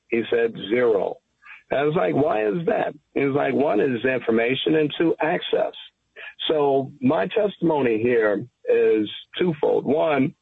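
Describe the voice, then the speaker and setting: A man's voice: medium pitch, gravelly, slightly rough, dry recording. A man giving earnest, emphatic testimony at a public hearing, with frequent fillers. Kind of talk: formal testimony. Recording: tinny phone line.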